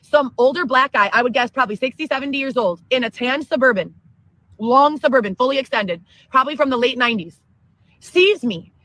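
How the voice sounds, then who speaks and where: Woman, livestream rant, profane, excitable, high pitch, bright tone. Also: no room sound, poor audio. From Chicago area, Illinois. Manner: profane, excitable, rapid storytelling. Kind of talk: ranting livestream monologue.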